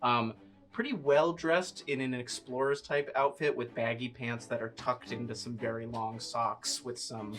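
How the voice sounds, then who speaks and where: A man playing a tabletop role-playing game, describing his character in a halting way with many fillers. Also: medium pitch, steady tone, fairly bright tone. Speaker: player.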